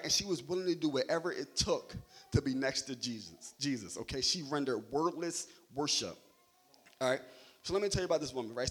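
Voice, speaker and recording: This young adult man preaches a sermon with a medium-pitched, slightly rough voice. His style is loose, joking, and conversational, and he checks in with "right?" after nearly every point.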